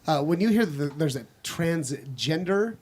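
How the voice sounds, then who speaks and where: Guy with a higher bouncy voice making jokes on a podcast. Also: lively intonation, measured pace, a little mellow, husky. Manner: joking, bouncy. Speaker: podcast co-host. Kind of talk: casual podcast chat.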